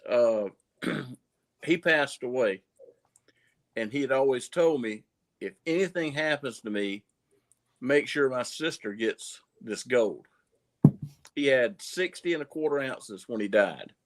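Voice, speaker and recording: Brief: Southern man, coin-dealer guest, folksy yarn-spinner, mid pitch, restarts and repeats. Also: lively intonation, unhurried, long pauses. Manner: folksy storyteller, repeats words as he goes. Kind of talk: casual livestream chat.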